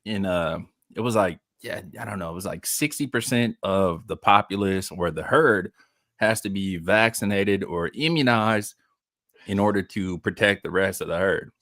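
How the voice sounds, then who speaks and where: A man with a fairly low voice, recorded close and dry in a studio with no room sound. He talks in a loose group debate, teasing the others, swearing and cutting in loudly. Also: normal speed, dry recording.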